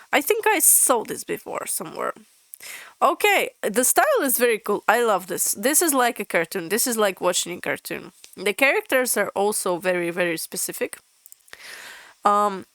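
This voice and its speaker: A woman whose isn't reads comic descriptions aloud and reacts to them, stumbling now and then. Her pitch sits mid-range for a woman. The close mic gives a dry sound with no room echo. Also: creaky. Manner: expressive, stumbles while reading aloud. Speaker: VTuber streamer. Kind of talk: reading and reacting to comic blurbs.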